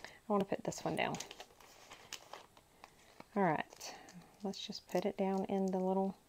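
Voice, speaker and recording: Lady gushing over craft paper, talks real slow, little faint hiss behind her. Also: medium pitch, a little mellow, low-quality recording. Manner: gushing, talks to herself while handling paper. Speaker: crafting channel host. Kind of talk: casual unboxing chat.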